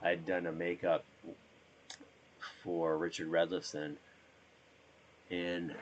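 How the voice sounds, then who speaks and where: A hoarse man, sick, chatting casually and rambling as he streams himself playing a drone simulator. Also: deep voice, flat delivery, slow pace, highs cut off, a little hiss or hum. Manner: rambling, trails off.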